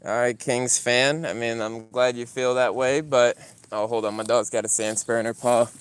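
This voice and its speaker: Young male streamer, casual outdoor live chat, animated storyteller. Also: normal speed, clear, resonant tone. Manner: animated storyteller, voice climbing high when retelling arguments. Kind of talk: casual livestream chat while walking a dog. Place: outdoors in a yard.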